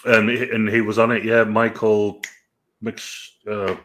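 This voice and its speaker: A man's voice: fairly low pitch, flat delivery, measured pace, fairly bright tone, a little hiss or hum. A man with an English accent, chatting casually and rambling as co-host of a film review show. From England. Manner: chatty and rambling, with lots of fillers. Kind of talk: casual chat.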